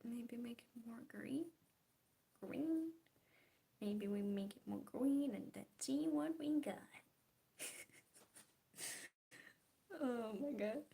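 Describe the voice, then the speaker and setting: Warm in tone and on the high side, with noticeable vocal fry, this young woman is an art vlogger. She giggles and chats casually while painting, often trailing off into half-whispered murmurs.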